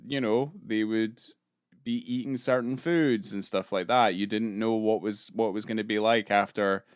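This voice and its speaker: A man's voice: on the low side, steady tone, normal speed, smooth, no echo, studio quality. A man co-hosting a podcast in casual, rambling chat full of fillers and hesitations. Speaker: podcast co-host.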